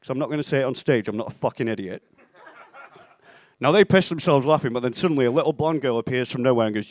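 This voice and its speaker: A young man performing a stand-up set in a comedy club, with a deadpan, self-mocking delivery and acted-out bits of dialogue. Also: medium pitch, fast talker, no room sound. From England (Stoke-on-Trent).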